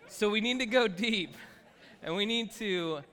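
A pastor giving a conversational, joking sermon, animated and lively at times. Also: male voice, high voice, measured pace, some chatter behind. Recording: hall reverb.

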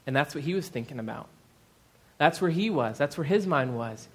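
A man's voice: fairly high pitch, expressive, normal speed. A man in his thirties, a pastor, preaching a sermon in a conversational way with many fillers and asides.

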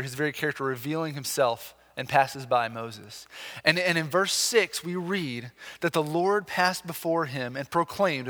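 Earnest preacher man in a reverberant hall. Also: fairly high pitch. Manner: earnest, animated preaching with repeated restarts. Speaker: pastor. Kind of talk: sermon.

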